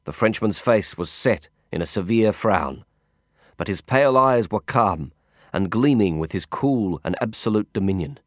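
A man giving scripted first-person audiobook narration in a measured, intense storytelling manner. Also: lowish voice, expressive, dry recording, clean studio sound.

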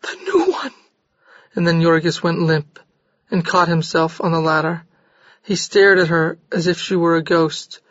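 A man narrating a novel in a steady, measured storytelling voice. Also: on the high side, no room sound. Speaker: audiobook narrator. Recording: slightly dull dry recording.

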